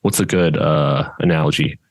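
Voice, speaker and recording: Low-voiced male judo coach, casual podcast co-host, even unchanging tone, rambling delivery, dry close sound. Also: moderate pace, dry recording. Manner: steady tone that does not rise even when louder; rambling, with many restarts and fillers.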